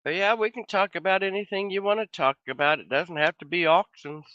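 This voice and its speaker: A man with a bright, sharp-edged voice, slightly hoarse as if he is losing it, chats casually with his livestream viewers. He rambles easygoingly and circles back on his own sentences. The sound is dry and a little dull, like a modest home setup. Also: sits high, brisk, dry recording. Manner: rambling, easygoing, with frequent trailing restarts. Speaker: livestream host. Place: home office.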